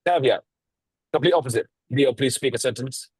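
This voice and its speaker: A man coaching on a video call, talking bluntly and swearing freely, with a lively tonality, deliberate pauses and stressed words. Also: mid-range voice, breathy edge, no echo, poor audio. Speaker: sales coach.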